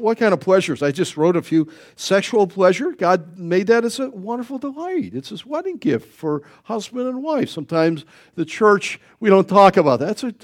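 A middle-aged man preaching a sermon in a joking, animated way, acting out little voices as he goes. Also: sits high. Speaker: pastor.

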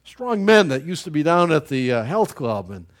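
A male preacher with a somewhat high voice delivers a sermon through homespun stories. He chuckles along with his anecdotes and stumbles through repeated restarts as he talks. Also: very animated, moderate pace. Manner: folksy storytelling, chuckles at his own anecdotes.

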